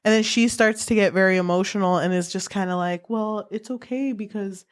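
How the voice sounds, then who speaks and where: A woman's voice: mid-range voice, a little fast, clear, resonant tone. A woman co-hosting a book podcast in casual chat, emotional and laughing, swearing casually. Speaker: podcast co-host.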